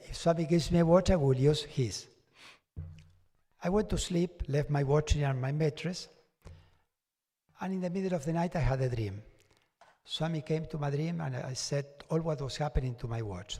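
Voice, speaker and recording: Guy telling a lively story to a crowd, a bit high, lots of hall reverb. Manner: animated storytelling with chuckles and acted-out quotes. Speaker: devotee giving a testimony. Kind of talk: personal storytelling talk to an audience. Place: large devotional hall.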